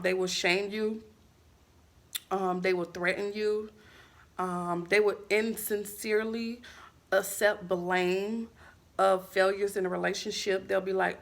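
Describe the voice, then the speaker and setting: Gravelly-voiced woman vlogging candidly. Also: on the low side, fairly bright tone. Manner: candid, filler-heavy, blunt with profanity. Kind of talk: casual vlog talk to camera.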